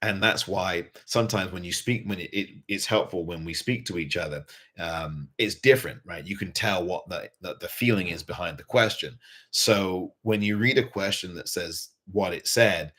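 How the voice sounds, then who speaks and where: A man's voice: deep voice, moderate pace, fairly bright tone. A man hosting a fan show, giving earnest post-match commentary and repeating points for emphasis. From England.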